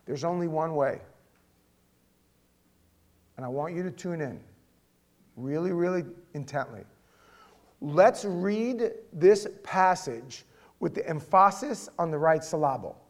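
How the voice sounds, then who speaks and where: A male pastor delivering a sermon, direct and conversational, swinging between loud emphatic reading and quiet, intimate asides. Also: on the high side, expressive, slow, pauses often.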